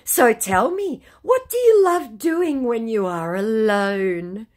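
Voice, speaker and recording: A woman's voice: on the high side, expressive, a little mellow, voice pushed up. A woman doing a gushing, syrupy male scammer. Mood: defensive. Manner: slow, gushing, formal phrasing. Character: overly sweet, stilted male online romance scammer.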